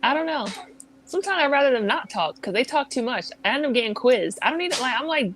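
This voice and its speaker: A woman's voice: high-pitched, animated, fast, a bit bright, slight background noise, rough recording. A woman calling in to a livestream, blunt and sarcastic, laughing often. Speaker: caller. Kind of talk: casual call-in chat.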